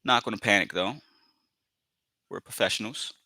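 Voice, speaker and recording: A man's voice: fairly low pitch, normal speed, gravelly, pushed and bright, no echo. A man giving live commentary on his trades, repeating phrases, filling with "you know" and calling viewers family as he talks himself into staying patient.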